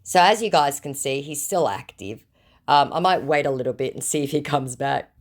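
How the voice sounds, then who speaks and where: Woman vlogger, dry and blunt, easy laugh, slightly low register. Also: animated, moderate pace. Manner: sarcastic, blunt, laughs easily. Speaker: scam-baiting channel host. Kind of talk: casual vlog, reading chat aloud.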